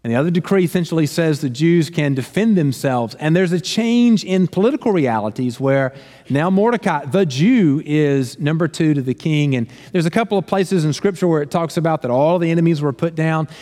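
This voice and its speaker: A man preaching a sermon, retelling the story with animated delivery and acting out the characters' lines. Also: a little high, brisk, big-room sound. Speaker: pastor.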